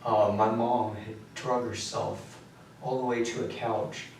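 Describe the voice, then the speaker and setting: Flat-voiced man confessing in echoey room. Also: unhurried. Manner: flat, matter-of-fact recounting, voice often trailing low. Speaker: suspect confessing. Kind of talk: police interrogation confession. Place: police interview room. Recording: echoey room, mic far off, faint noise.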